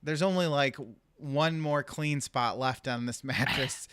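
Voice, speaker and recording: A man's voice: medium pitch, measured pace, a bit bright, clean tone, no room sound. A young adult man on a casual podcast, telling a family story with frequent laughs. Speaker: podcast co-host. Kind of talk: casual chat.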